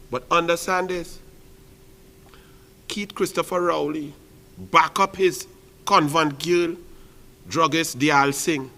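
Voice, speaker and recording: Pushed, bright, and pitched on the high side, this Trinidadian-accented man rails through impassioned political commentary. Repetition is his weapon: he drives every line home with rhetorical force.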